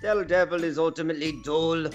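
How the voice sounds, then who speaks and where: A man's voice: fairly high pitch, fairly even intonation, quick pace, muffled recording, faint music behind, lightly acted. A man voicing a stats reader in a wandering mock Greek accent that drifts across Europe. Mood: hammy. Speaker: guest.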